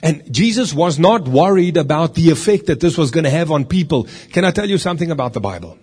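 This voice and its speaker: A man's voice: fairly high pitch, animated, fast talker, a little mellow, husky. A man preaching a sermon in a conversational way, with rhetorical questions and stories from his meetings.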